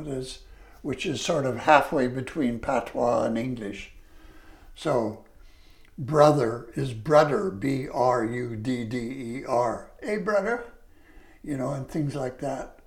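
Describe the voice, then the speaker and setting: Slow, gravelly older man reminiscing. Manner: animated, jumps up high to quote people. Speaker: retired lecturer interviewed. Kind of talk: reminiscing storytelling.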